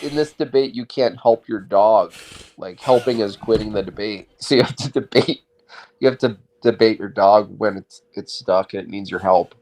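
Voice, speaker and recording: A man co-hosting a comedy podcast, talking in casual, deadpan, teasing banter. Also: moderate pace. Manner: deadpan, teasing, lively pitch. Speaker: co-host.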